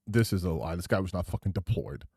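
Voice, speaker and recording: A man's voice: low voice, lively intonation, quick pace, warm tone, breathy edge, no room sound. A man streaming reaction commentary over clips, indignant and sarcastic, swearing freely into a close desk mic.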